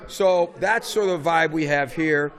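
Middle-aged coach, high-pitched, animated storyteller who punches key words. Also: male voice, measured pace. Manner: animated storyteller, raises voice for emphasis. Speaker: basketball coach, guest. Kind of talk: casual interview conversation.

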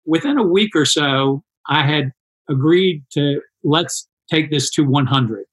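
A man in his sixties telling stories in a casual interview, animated and acting out quoted dialogue. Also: on the high side, unhurried, breathy edge, poor audio. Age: 60s. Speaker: interview guest, endurance athlete.

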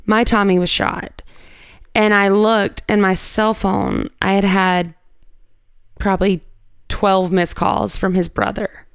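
A woman speaks with a gravelly edge and a smooth, resonant tone. She tells a personal story as an interview guest, casual and candid, full of "like" and a few swear words. The sound is close and dry. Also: mid-range voice, flat delivery, slow, no room sound. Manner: conversational, heavy use of "like", candid with swearing.

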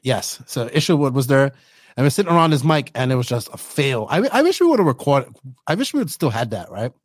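A man's voice: mid-range voice, big pitch swings, brisk, breathy edge, dry recording, clean studio sound. A man from Bermuda, casually rambling through his own story in an interview and often tagging his sentences with "right?". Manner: rambling, tags lines with "right?". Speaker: podcast host telling his story.

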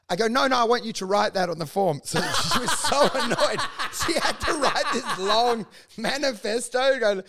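High-voiced man telling a wild story. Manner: animated, laughing storyteller who acts out quotes. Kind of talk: casual storytelling chat.

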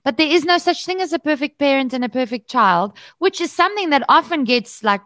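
Animated higher-voiced woman podcaster. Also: fairly quick, no echo. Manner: animated, searching for words, restarts. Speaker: podcast co-host. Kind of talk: candid podcast chat.

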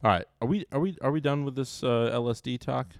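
A young man with a medium-pitched voice talks fast on a dry, studio-quality recording. Co-hosting a podcast, he teases his friend and acts out the quotes in a story. It's casual banter from a ribbing storyteller.

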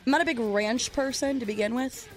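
A woman joining a casual podcast as a new guest, playful and quick to laugh. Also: fairly high pitch, faint music behind.

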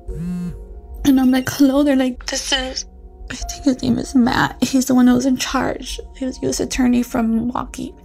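A mother of children, speaking as an interviewee, relives a tense episode with urgent emotion, imitating the voices she quotes. Her voice is high-pitched and gravelly, with a darkish tone.

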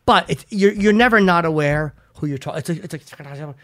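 A man's voice: fairly high pitch, a little fast, a bit bright, dry recording, studio quality. Self-mocking, rambling male podcast host. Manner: rambling, self-mocking storyteller who swears freely. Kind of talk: casual podcast chat.

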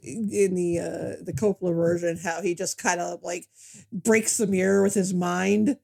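A woman's voice: lowish voice, steady tone, measured pace, vocal fry, darkish tone. A woman co-hosting a podcast who talks casually, with dry humor and frequent restarts. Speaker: podcast co-host. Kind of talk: casual film chat.

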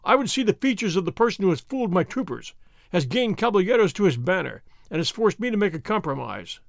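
A man voicing a weary, pompous colonial governor who gives in grudgingly, in a slow, lower voice. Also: very animated, gravelly, no echo, studio quality, heavily acted. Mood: demanding. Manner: exasperated, weak and grudging.

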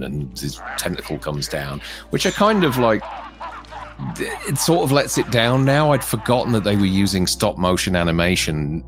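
A man co-hosting a casual film review chat, animated and laughing often. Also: sits low. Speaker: co-host.

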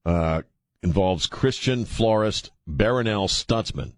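Older male talk radio host, very deep voice, dry studio sound, self-mocking jokes, halting delivery. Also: lively intonation, no room sound. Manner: joking and self-mocking, halting with many fillers when reading stories. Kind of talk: casual talk radio banter and news commentary. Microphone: studio microphone.

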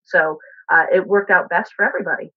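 A woman recounting a work experience in a casual, animated way, with fillers and restarts. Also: fairly low pitch, quick pace, husky. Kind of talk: casual storytelling. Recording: tinny phone line.

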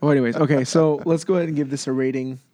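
A man's voice: mid-range voice, very fast, dry recording, studio quality. A man co-hosting a podcast, telling a story in casual chat, laughing often and acting out the people in it. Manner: animated, acts out voices in stories, laughs often. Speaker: podcast co-host. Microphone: podcast microphone.

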